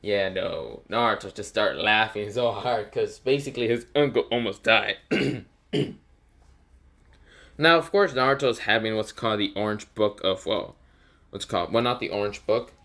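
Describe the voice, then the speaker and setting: A man's voice: on the low side, moderate pace, a bit bright. A man narrating an improvised fan story, rambling with lots of fillers and self-corrections.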